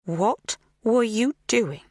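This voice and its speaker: A narrator voicing an unhinged woman who talks in a plaintive, hushed, sometimes whispered way. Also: a little high, expressive, very slow, no echo, studio quality, pitched above the performer's own voice, full character voice.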